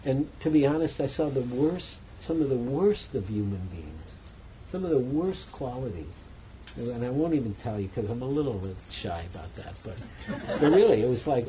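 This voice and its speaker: A man gives a dharma talk to a retreat audience in a meditation center hall. He tells stories in a loose, chatty way and pokes fun at himself. His voice sits at an ordinary middle pitch, with a faint hiss of noise behind it. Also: moderate pace. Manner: relaxed, chatty storytelling with self-mocking humor. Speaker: meditation teacher.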